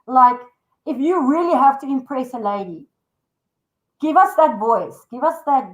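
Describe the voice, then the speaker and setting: Bubbly Afrikaans-accented female guest, high voice, echoey room on a video call. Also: expressive, unhurried. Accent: South African, Afrikaans. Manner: bubbly, teasing, mixes Afrikaans into English. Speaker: guest, awards organiser. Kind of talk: playful live-stream chat.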